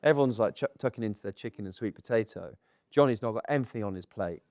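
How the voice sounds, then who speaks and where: Man telling a lively story live. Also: fairly low pitch, fast, no echo. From England. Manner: lively anecdote-telling with acted-out quotes and laughter. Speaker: podcast co-host telling a cricket story. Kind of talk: animated storytelling to a live audience. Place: stage in front of a live audience.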